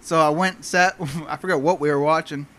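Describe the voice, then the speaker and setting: A man recalling anecdotes about a friend in relaxed casual chat, swearing easily. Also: on the high side, brisk. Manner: laid-back anecdote teller.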